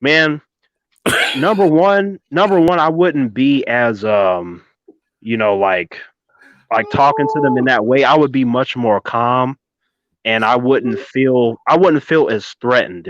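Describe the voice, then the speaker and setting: Brief: man in his thirties, cusses, spins a lively story, dull dry lo-fi sound. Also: medium pitch, measured pace, dry recording. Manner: animated, swearing, keeps addressing his co-host by name. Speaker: podcast co-host. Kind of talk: casual storytelling chat.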